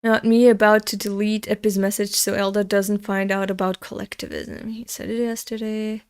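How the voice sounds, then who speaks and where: A woman's voice: mid-range voice, little pitch movement, moderate pace, clear, resonant tone. A young woman from Europe, streaming as she reads a manga aloud, talking in a blunt, profane, angry rant. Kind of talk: live-stream reading with commentary.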